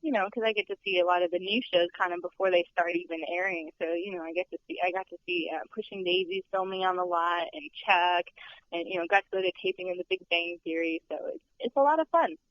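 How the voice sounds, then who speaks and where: A woman's voice: on the low side, fast, a bit bright, slight background noise. A young woman working as a studio tour guide, chatting in a podcast interview in a bubbly way and laughing often. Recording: dull lo-fi podcast audio.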